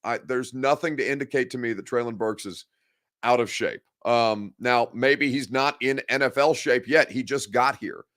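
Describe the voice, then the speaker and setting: A man's voice: medium pitch, normal speed, fairly bright tone. A man hosting a sports talk show, speaking bluntly and opinionatedly straight to his viewers. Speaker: sports podcast host. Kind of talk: live-streamed sports talk commentary.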